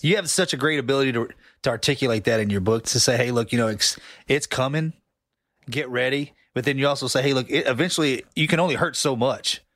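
A man co-hosting a casual podcast who talks quickly at a middle pitch. He chimes in with encouraging remarks. The sound is dry. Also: a bit bright, no room sound.

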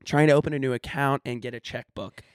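A woman's voice: rumbling low, fairly even intonation, quick pace, no echo. Brief: woman co-host, casual podcast banter, joking and rambling, dry close mic. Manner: jokey, rambling, playful put-on voices. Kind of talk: casual chat.

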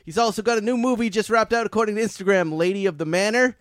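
A man with a softened Boston accent hosts a podcast, teasing and warm as he chats with a guest. His voice sits a little high. The sound is close and dry, with no room around it. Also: fast, no echo. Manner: warm, joking, teasing compliments. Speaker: podcast host. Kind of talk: casual chat over a call.

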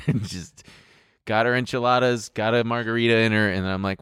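A man with a low voice chats on a podcast and drops wry, deadpan quips. He mimics other people's voices when he tells a story. The recording is dry and close to the mic. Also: fairly quick, clean tone, dry recording. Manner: wry quips, acts out a date's voice. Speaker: podcast co-host. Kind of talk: casual chat.

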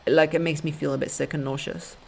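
A woman's voice: deep voice, level tone, brisk, vocal fry, darkish tone, slight background noise. A young woman hosting a podcast, giving blunt, sassy relationship advice and calling listeners honey and baby. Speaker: podcast host. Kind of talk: casual advice monologue.

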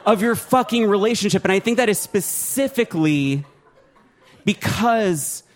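A man's voice, pitched well above most men's and swinging all over the place as he works a stand-up set. He talks in an animated, profane, self-mocking way into a handheld mic on a club stage. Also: a little slow. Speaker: stand-up comedian. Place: comedy club stage before a laughing audience.

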